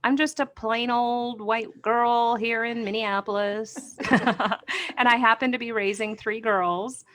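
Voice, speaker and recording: A woman guest on a podcast, talking in a bubbly, animated way that turns passionate and emphatic, and laughing easily. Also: fairly high pitch, measured pace. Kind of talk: casual conversation.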